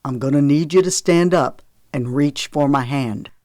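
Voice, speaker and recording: Narrator doing a calm steady guy coaching a scared kid, reassuring, dry close sound. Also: mid-range voice, moderate pace, no echo, lightly acted. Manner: calm and reassuring, gives clear instructions. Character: calm, steady man rescuing a boy in a storm. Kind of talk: audiobook character reading.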